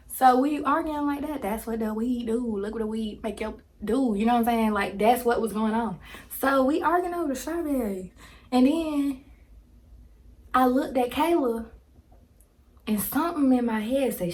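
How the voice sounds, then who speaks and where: A woman in her twenties, a vlogger telling a casual story to a phone camera, slangy and animated, laughing as she talks. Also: a little high, normal speed. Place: indoors, home filming with ring light.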